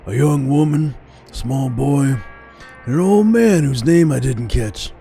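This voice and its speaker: A man's voice: medium pitch, measured pace, vocal fry, mellow, soft background music, pitched above the performer's own voice. A man voicing a male riverboat worker who tells old river stories, reading game narration aloud. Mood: musing. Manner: reflective storytelling, reading aloud.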